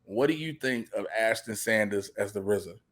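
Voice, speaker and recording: A man chatting casually about a TV show, slangy and animated, often acting out scenes. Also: fairly low pitch, normal speed. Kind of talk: casual chat.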